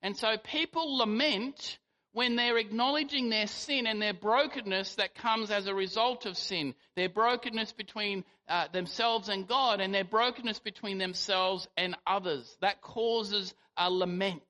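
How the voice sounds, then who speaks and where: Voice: mid-range voice, measured pace, bright, forceful tone. A preacher giving a sermon, telling the story animatedly and acting out quotes. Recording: long hall reverb.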